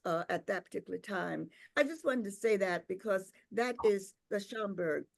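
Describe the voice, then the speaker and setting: An older woman, a professor and invited speaker, tells a personal story at a tribute gathering in an unhurried, reflective way, pausing often on "um" and "uh" and checking in with "right?". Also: mid-range voice. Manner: repeats words and checks in with "right?".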